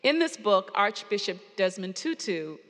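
A woman's voice: medium pitch, big pitch swings, fairly bright tone. Woman preaching in a reverberant church. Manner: earnest storytelling with pauses. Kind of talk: sermon. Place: church sanctuary. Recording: long hall reverb.

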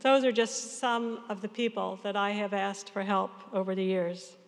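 A woman in her sixties, a pastor, giving an earnest, measured sermon to her congregation. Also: mid-range voice, steady tone, big-room sound. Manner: earnest, measured farewell address.

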